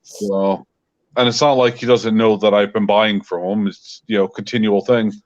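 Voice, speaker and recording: A man's voice: on the low side, level tone, normal speed, dull audio. A man, a guest in a casual chat, venting his frustration with lots of fillers. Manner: frustrated ranting with many fillers.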